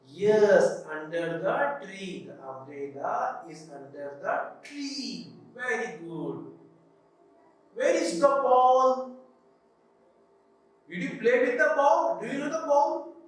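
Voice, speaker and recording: Male teacher, Pakistani English accent, slow patient classroom drill, voice set far back from the mic. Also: extremely high pitch, very animated, slight background noise. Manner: slow, patient, asks questions then answers them himself. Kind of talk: classroom English lesson for children. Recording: very echoey room, voice from off-mic.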